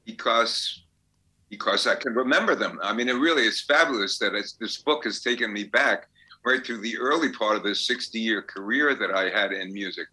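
A man's voice: lowish voice, normal speed, sharp tone, rough recording. A man in his eighties, a songwriter guest, telling anecdotes in a chatty way and laughing as he goes. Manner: chatty storyteller, laughs as he talks. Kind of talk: anecdotal interview.

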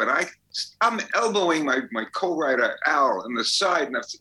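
An older songwriter telling rambling anecdotes in a casual interview. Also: male voice, medium pitch, sing-song, moderate pace, sharp tone, low-quality recording. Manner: rambling anecdotes with fillers and restarts. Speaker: songwriter guest.

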